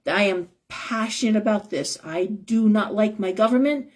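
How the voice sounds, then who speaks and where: A woman's voice: mid-range voice, normal speed. A middle-aged woman giving a live tarot reading, talking in an impassioned, emphatic, rambling way. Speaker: tarot reader and shop owner. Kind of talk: live-stream tarot talk.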